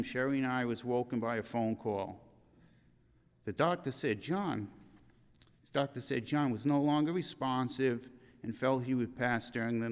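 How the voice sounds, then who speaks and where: An older man giving a eulogy in a church, reading in an earnest, halting way with restarts. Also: medium pitch, smooth, long reverb tail.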